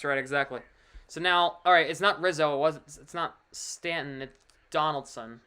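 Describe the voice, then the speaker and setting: This man streams casual live commentary of a baseball game, calling plays in a voice that's a little high, at a moderate pace, with a clean tone. He's chatty and excitable over big plays, with offhand asides mixed in.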